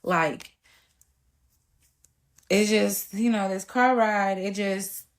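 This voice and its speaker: A woman's voice: mid-range voice, fairly even intonation, extremely slow. A woman in her thirties hosting a podcast, telling a personal family story in a casual, colloquial, candid and emotional way. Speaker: podcast host.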